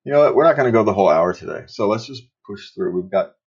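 An older man hosting a podcast, chatting casually and rambling a bit, with a husky voice. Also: fairly low pitch, lively intonation, quick pace, highs cut off. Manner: rambling, chuckles often. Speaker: podcast host.

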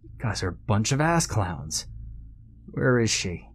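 A man's voice: on the low side, sing-song, a little slow, breathy edge, exaggerated voice. A man voicing a mean young man who taunts and mocks. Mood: angry. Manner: taunting, contemptuous.

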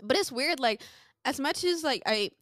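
A woman's voice: high-pitched, normal speed, no echo, clean studio sound. A young woman from Saint Martin with a light Caribbean accent, hosting a casual podcast chat and acting out the voices she quotes. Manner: animated, acts out quoted voices. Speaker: podcast host.

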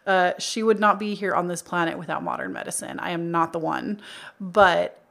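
A woman's voice: lowish voice, steady tone, moderate pace, vocal fry, a bit bright. A young adult woman hosting a spiritual healing podcast, chatty and earnest, with frequent filler words, speaking into a microphone. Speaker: podcast host. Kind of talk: casual spiritual podcast talk. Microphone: studio microphone.

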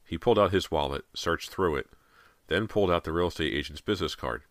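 Male audiobook narrator, very deep voice, bright tone, dry close recording, measured reading. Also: no echo. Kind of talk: scripted horror narration.

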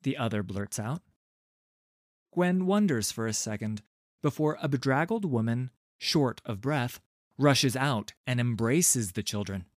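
A man reading a fantasy story aloud in a calm, measured and gently expressive way. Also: mid-range voice, dry recording, clean studio sound. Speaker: narrator. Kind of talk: scripted storybook narration.

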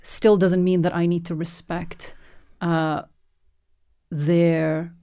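A documentary filmmaker woman telling her story in an interview, animated and restarting often as she acts out the voices of the people she quotes. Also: fairly low pitch, slow, smooth.

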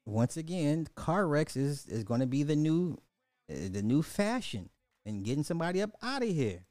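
A man hosting a casual livestream, reading chat questions in an animated, slangy way with lots of repetition and swearing. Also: a little high, normal speed, dry recording, clean studio sound.

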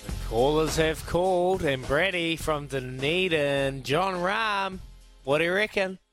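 Hosting a radio sports quiz, a man with a New Zealand accent keeps things jokey, laughing readily and calling callers mate. His voice is a little high and fairly bright, with faint music behind him in this breezy banter.

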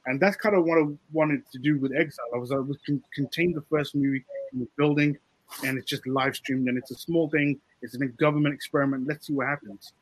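A man, a film director and writer, talking casually in an interview and explaining his ideas in a relaxed way. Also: a little high, fast talker, rough recording.

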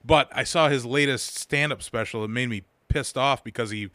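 A man's voice: medium pitch, normal speed, bright, forceful tone, dry recording. A man co-hosting a podcast, talking casually with crude, profane banter. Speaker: podcast co-host. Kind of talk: casual chat.

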